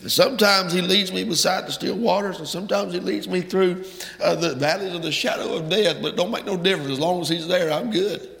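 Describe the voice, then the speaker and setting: Gravelly preacher in an echoey hall. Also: male voice, high voice, a little fast. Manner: fervent, rising to loud emphatic peaks. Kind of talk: sermon. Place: church sanctuary.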